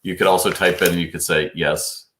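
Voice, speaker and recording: A man's voice: sits low, flat delivery, fairly quick, sharp tone, echoey room, a little hiss or hum. A man hosting a live stream, reading out viewer questions and giving business advice in a chatty, casual way. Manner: chatty and advisory, reads out viewer comments. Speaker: host of a live retail Q&A stream. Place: home studio, New York.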